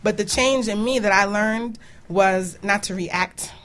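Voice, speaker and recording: A woman's voice: medium pitch, a little slow, a bit bright. A woman hosting her own radio talk show, chatting casually and animatedly, laughing often between points.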